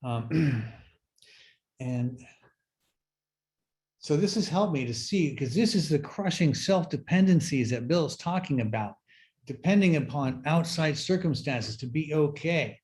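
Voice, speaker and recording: A man's voice: fairly high pitch, lively intonation, a little mellow. Reflective man sharing his recovery story. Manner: halting, reflective, many fillers and restarts. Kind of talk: personal sharing talk.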